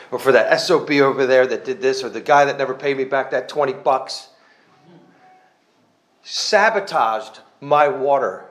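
A man giving a personal testimony to a church congregation, earnest and conversational, with self-mocking humor and a rambling way of restarting his sentences. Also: mid-range voice.

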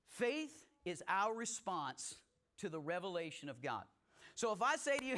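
A man's voice: high voice, lively intonation, normal speed, a bit bright. A middle-aged male pastor preaching a sermon in a conversational way, with folksy asides and rising emphasis.

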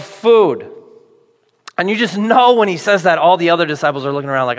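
A male pastor preaches a sermon through lively, joking stories, now and then slipping into playful voices for the people in them. He talks a little fast, and his voice is somewhat high for a man. A long reverb follows his words, like in a big church hall.

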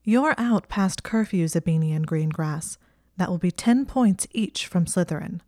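A woman's voice: fairly low pitch, expressive, a little slow, mellow, dry recording, clean studio sound. Woman voicing a clever, stubborn teen witch girl. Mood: defensive.

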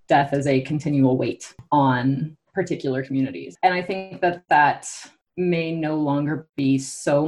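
A woman's voice: sits low, a little mellow. A young woman talking through a topic in casual conversation, thoughtful and hesitant, with many fillers and restarts.

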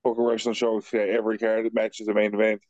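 A man's voice: on the low side, completely flat delivery, fast, a little mellow, dry recording. A man co-hosting a casual podcast watchalong, stubborn and contrarian in debate. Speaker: podcast co-host. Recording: dull lo-fi mic.

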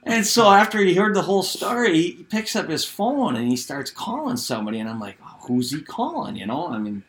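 A middle-aged man and former hockey player, telling a story in casual chat, animated and laughing as he goes. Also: fairly high pitch, fairly quick.

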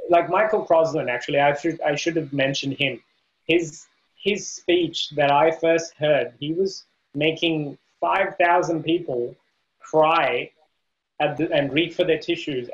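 Podcast co-host, male, emphatic, slightly raised pitch, dull lo-fi audio. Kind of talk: casual podcast chat.

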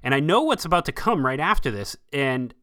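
A man hosting a casual film review podcast, talking in an animated, enthusiastic way. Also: fairly high pitch, a little fast. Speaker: podcast host.

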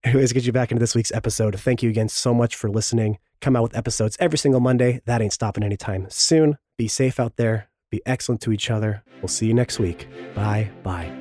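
A man's voice: mid-range voice, fast talker, few pauses, mellow, soft background music. A man hosting a podcast and reading the show's promos, his throat sore and strained from illness, with self-pitying jokey asides. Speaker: podcast host. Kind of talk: sponsor-style promo read.

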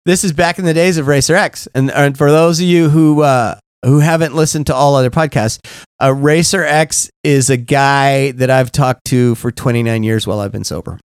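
A middle-aged man co-hosting a podcast, telling candid, profane stories in a casual, animated way. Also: mid-range voice, normal speed, smooth, dry recording, clean studio sound. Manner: blunt, profane, animated, frequent "right?". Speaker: podcast co-host.

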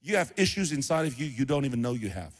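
A man's voice: medium pitch, very animated, quick pace, long reverb tail. A middle-aged man preaching a sermon, acting out the voices of biblical figures as he tells the story. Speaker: pastor.

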